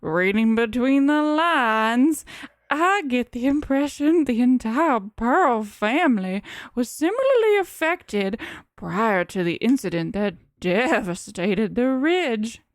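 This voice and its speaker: A pompous Southern gentleman professor speaks in drawn-out, stately phrases, as a woman puts him on for a board game. The voice sits higher than her own and lands louder, and he takes his sweet time over every word. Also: very animated, no room sound, studio quality. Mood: grave. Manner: drawn-out, slow, stately reading.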